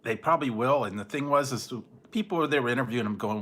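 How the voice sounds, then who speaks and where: A man's voice: medium pitch, lively intonation, fairly quick, a bit bright. A man hosting a casual livestream, rambling and chatting, often laughing and mimicking other people. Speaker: livestream host. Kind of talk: casual late-night livestream chat.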